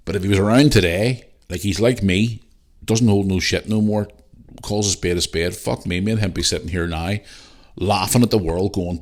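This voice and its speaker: A man's voice: sits low, fairly quick. A middle-aged man hosting a podcast, ranting bluntly and heatedly with lots of swearing. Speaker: podcast host. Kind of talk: casual ranting monologue.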